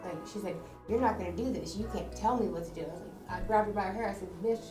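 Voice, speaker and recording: A woman's voice: medium pitch, fast talker, echoey room, over music. A woman co-hosting a radio show, telling stories in a blunt, profane way. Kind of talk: casual radio chat.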